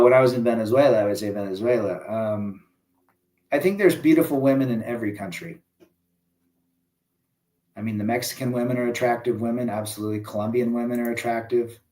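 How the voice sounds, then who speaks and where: A man's voice: medium pitch, darkish tone. A man hosting a casual live stream, reading viewer comments aloud and answering with blunt opinions. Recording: echoey room.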